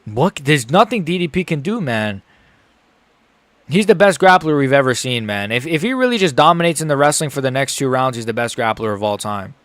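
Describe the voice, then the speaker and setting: Excitable young man reacting live. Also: mid-range voice, a little fast, no room sound. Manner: excitable, swings from groaning despair to shouting; repeats himself, swears casually. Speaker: streamer reacting live to a fight.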